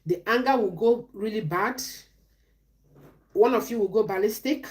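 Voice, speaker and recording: A middle-aged woman with a mid-range, slightly mellow voice dispenses relationship advice on a live stream at normal speed. She sounds preachy, asking questions and supplying her own answers.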